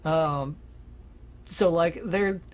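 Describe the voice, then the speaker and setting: A podcast co-host in casual gaming chat, animated and swearing freely. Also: medium pitch, very slow. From United States.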